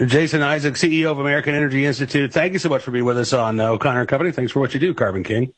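A male radio host with a slightly husky voice works his way through loose, meandering questions. The sound is dry and close, with little room around it. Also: mid-range voice, steady tone, racing, no room sound. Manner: conversational, hesitant questioning with fillers. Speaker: radio talk show host. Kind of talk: radio interview.

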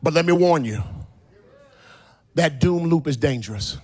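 Preacher man, high voice that jumps all over, goes from hushed to shouting. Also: lively intonation, unhurried. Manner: dramatic storytelling, swinging from soft to shouted. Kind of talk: sermon.

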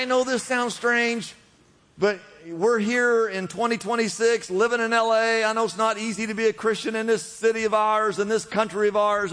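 A man preaching a sermon to a congregation, calling out to the crowd and swinging between loud emphasis and quiet drops. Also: sits high. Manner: preaching with call-and-response, rising and dropping emphasis. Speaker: pastor. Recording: long reverb of a large hall.

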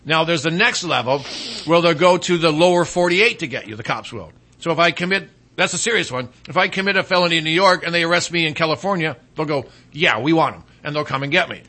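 A male talk show host with a high, bright voice, loose and jokey in casual banter. He rambles a bit, drops fillers and jumps between thoughts. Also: fast talker. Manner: animated, joking, trails off into fillers.

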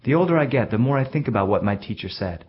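A male storyteller telling a story from his own childhood in a plain, reflective way with gentle self-mockery. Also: mid-range voice, lively intonation, quick pace, husky. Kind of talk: told personal story. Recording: dull lo-fi recording.

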